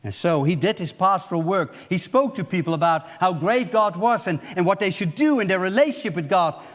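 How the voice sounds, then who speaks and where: A male pastor preaching in a church, with a high-pitched voice carried by a long reverb through the sanctuary. He tells the story vividly and slips into the voices of the people in it as he speaks. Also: animated, fairly quick. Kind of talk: sermon.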